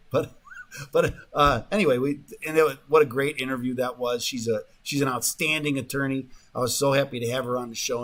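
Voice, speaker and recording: A man's voice: mid-range voice, a bit bright. A man hosting a talk radio show, rambling in a casual monologue full of fillers and restarts, sometimes mocking the voices of the people he quotes, in a radio studio.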